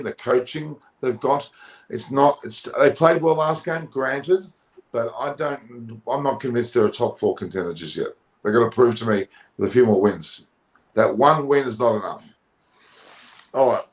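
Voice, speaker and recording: A man's voice: moderate pace, low-quality recording. Middle-aged man, cricket show co-host, jokey banter, voice climbs sharply when worked up. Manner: animated, jokey, rises high when indignant. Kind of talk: casual cricket chat. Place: Coogee, Australia.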